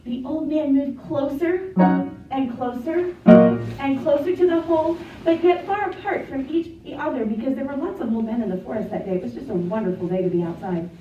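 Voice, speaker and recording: A woman telling a children's story in an animated way, inviting the children to join in. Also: high-pitched, moderate pace. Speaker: storyteller and teacher. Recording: echoey, distant, dull, piano behind.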